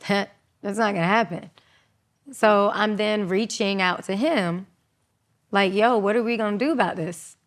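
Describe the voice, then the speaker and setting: A woman in her thirties telling her own story as an interview guest, animated, acting out quotes in raised voices. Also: medium pitch, a little slow, long pauses.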